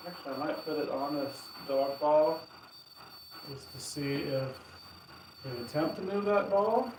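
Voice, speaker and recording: A man with a slightly high voice runs a ghost-hunting vlog, calling questions out into the house and getting puzzled by his gear. He sounds distant from the mic, his voice ringing in a roomy space. Crickets and insects chirp clearly behind him. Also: a little slow, background noise. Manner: coaxing, questioning, easily puzzled. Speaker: paranormal investigator.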